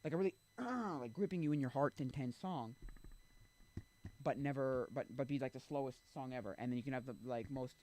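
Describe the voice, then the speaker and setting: A man's voice: medium pitch, fairly quick, mellow. Rambling young-sounding man chatting on stream. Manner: rambling, filler-heavy, thinking aloud. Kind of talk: casual chat.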